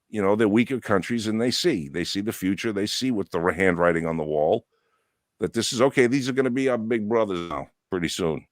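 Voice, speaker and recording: Low-voiced man with a New England accent. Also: no echo, clean studio sound. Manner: rambling, profane, laughs a lot. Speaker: podcast co-host. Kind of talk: casual chat.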